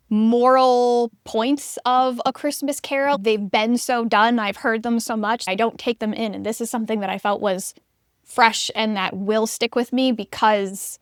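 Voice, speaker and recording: A woman co-hosting a casual book podcast, talking things through in a chatty, reflective way. Her voice is smooth and clear and sits a little high. The sound is dry and close, with no room around it. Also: dry recording. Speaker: podcast co-host.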